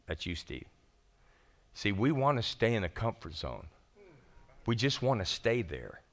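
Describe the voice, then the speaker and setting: A man preaching a sermon as pastor, animated and folksy, talking casually to his congregation. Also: on the low side, moderate pace.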